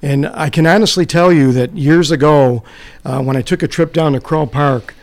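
A man's voice: on the high side, normal speed. Modest older man, hesitant speech. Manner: modest, hesitant, many fillers. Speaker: co-host. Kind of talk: reminiscing talk show chat.

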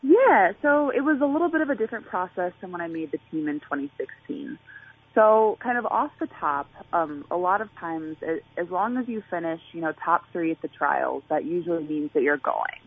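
Woman athlete calling in, gravelly husky voice, tinny phone sound, lots of ums and restarts. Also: lowish voice, animated, normal speed. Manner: chatty, with frequent fillers and restarts. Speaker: Olympic track and field athlete. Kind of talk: phone interview.

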